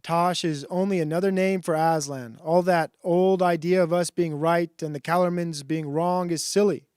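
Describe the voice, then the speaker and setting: A scornful, bullying male ape from a storybook, talking down to everyone in a slow, sneering drawl, as a man reads him aloud. He sits a bit higher and louder than an everyday voice, pushy and domineering, and the sound is close and dry. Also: steady tone, clear, resonant tone, dry recording, natural voice.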